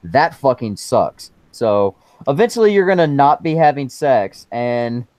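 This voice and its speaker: A man ranting in a casual chat, heavy on the profanity and blunt jokes. His voice sits at a middle pitch. The recording is dry with no room sound. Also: expressive, measured pace, darkish tone, no echo. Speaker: podcast guest.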